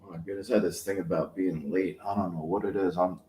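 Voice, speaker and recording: A man's voice: low-pitched, steady tone, fast, warm tone, slight background noise. A man in his fifties hosting his channel, chatting casually and telling rambling anecdotes. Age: 50s. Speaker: channel host. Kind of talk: casual chat. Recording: echoey room.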